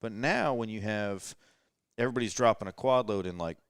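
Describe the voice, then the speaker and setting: A man with a lowish voice talks through his ideas in a loose, rambling way during a late-night podcast chat. He is indoors at a rental house, and the sound is close and dry with no room echo. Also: a little fast, clean tone. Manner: rambling, thinks aloud with fillers. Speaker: podcast host.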